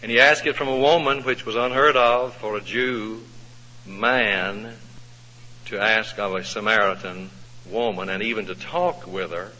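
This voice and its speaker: A male preacher telling a Bible story in a sermon, folksy and expressive, asking the congregation questions. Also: on the low side, measured pace. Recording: echoey hall, dull lo-fi sound.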